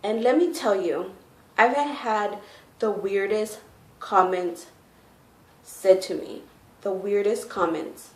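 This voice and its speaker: A woman's voice: mid-range voice, slow, long pauses, a little mellow. A heavily pregnant woman chatting casually to her viewers, full of "like" and "you know". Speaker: vlogger. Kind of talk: casual storytime. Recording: echoey room with faint noise.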